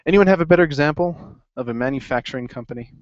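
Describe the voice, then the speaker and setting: A man's voice: a little high, fast, dry recording. Upbeat man lecturing a class. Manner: upbeat, asks the class questions. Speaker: accounting instructor. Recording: dry, dull lo-fi classroom recording.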